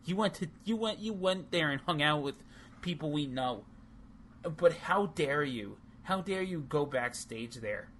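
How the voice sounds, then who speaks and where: A man's voice: fairly high pitch, lively intonation, measured pace, fairly bright tone, slight background noise. Heated, profane man ranting. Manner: heated, profane, rambling with restarts. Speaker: podcast co-host. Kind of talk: casual chat.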